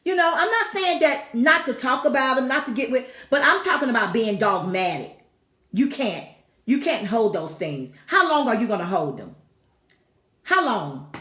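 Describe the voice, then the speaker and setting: Hosting a talk show, a woman delivers a devotional talk at a moderate pace, her voice a little high, sing-song and fairly bright. Her scripture teaching is fervent and preacher-like, with repeated phrases and exclamations on the side, recorded in an echoey room.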